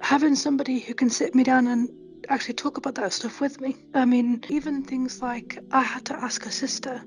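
A woman's voice: sits high, fairly quick, soft background music. A woman with a stammer, candidly telling her own story in an interview and acting out past conversations. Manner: candid, animated retelling of conversations. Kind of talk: personal testimony interview.

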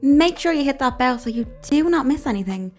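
An Irish woman co-hosts a reaction video in a casual, upbeat chat. Her voice sits high and jokes come easily. Faint music plays in the background. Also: lively intonation, brisk. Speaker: co-host.

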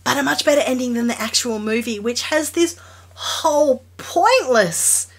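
A woman's voice: high-pitched, expressive, normal speed, breathy edge. A woman co-hosting a podcast in casual chat, blunt and exasperated, swearing freely. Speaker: podcast co-host.

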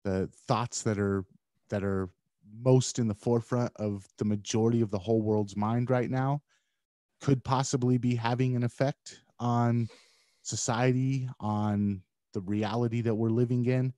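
A man co-hosting a podcast in casual conversation, speaking reflectively with hesitant, halting pauses. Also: mid-range voice, fairly even intonation, warm tone, no room sound, clean studio sound. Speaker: podcast co-host.

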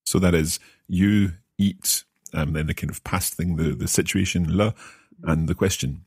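Scottish male learner on a lesson podcast; low, husky, dry studio sound, halting delivery. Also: fairly even intonation, dry recording. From Scotland. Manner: hesitant, repeats words while thinking. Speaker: language learner and co-host.

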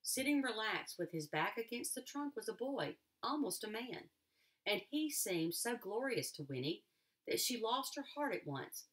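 A woman teacher reading a novel aloud to a class, expressive, with occasional restarts. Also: on the high side, moderate pace.

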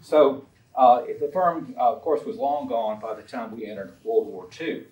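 A man's voice: mid-range voice, animated, moderate pace, a little mellow. A man giving an illustrated lecture on a historical collection, chatty and anecdotal, with frequent ums and uhs. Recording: roomy sound from a distant mic.

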